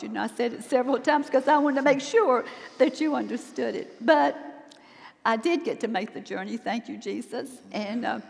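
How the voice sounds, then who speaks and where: A woman's voice: a little high, normal speed, gravelly. Older woman sharing an earnest testimony. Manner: earnest, emotional storytelling. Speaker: minister's wife sharing testimony. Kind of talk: sermon testimony. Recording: long hall reverb.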